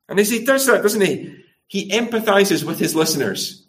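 Lively, animated male preacher. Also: high voice, moderate pace. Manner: asks the congregation many rhetorical tag questions; acts out quoted speech in changing voices. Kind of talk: sermon.

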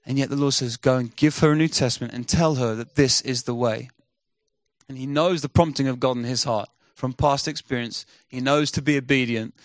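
Male preacher, mid pitch, dry close sound, lively storyteller; acts out dialogue. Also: brisk, dry recording. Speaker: missionary speaker. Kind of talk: sermon storytelling.

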